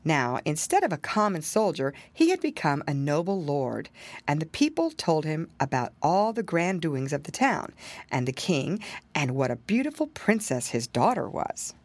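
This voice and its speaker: A woman reading a fairy tale aloud, expressive storytelling with dramatic exclamations. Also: low voice, moderate pace, no echo.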